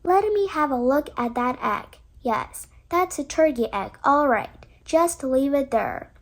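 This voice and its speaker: Lady reading a know-it-all old duck, chatty, high voice. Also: expressive, a little slow. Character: knowing old female duck, a busybody.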